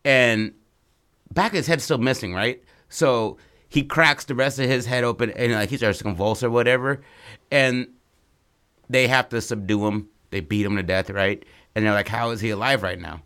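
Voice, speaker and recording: A man's voice: mid-range voice, moderate pace, a bit bright, smooth. A young man co-hosting, brainstorming a movie plot in casual, rambling chat full of crude slang. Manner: laid-back, rambling storytelling with crude slang. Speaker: co-host brainstorming a story.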